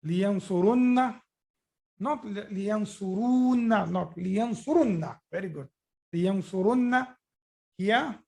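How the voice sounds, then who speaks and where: Male language teacher, live online class: slow, patient, encouraging, drills forms and praises students often. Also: high voice, creaky. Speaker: Arabic grammar teacher.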